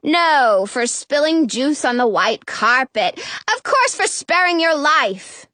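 A woman's voice: a little high, big pitch swings, measured pace, fairly bright tone, breathy edge, dry recording, full character voice. A woman voicing a cranky, blunt talking magic mirror that grumbles curtly in a storybook. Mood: annoyed. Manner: irritable, curt, grumbling.

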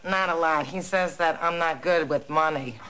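A woman's voice: deep voice, moderate pace, a bit bright. A woman playing a chatty, conspiratorial woman in a sitcom who hatches a plan to pose as a producer. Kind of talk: sitcom acting. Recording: noisy TV audio.

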